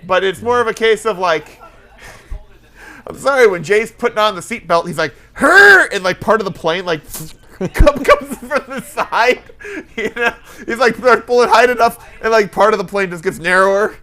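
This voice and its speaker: A man's voice: high voice, animated, normal speed, fairly bright tone. A man co-hosting a casual chat show, teasing his co-host and asking him questions with a joking manner. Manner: teasing, jokey interviewer.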